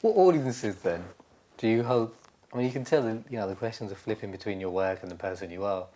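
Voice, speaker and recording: A man's voice: lowish voice, fast talker, warm tone. A man asking oral history interview questions, careful and rephrasing as he goes.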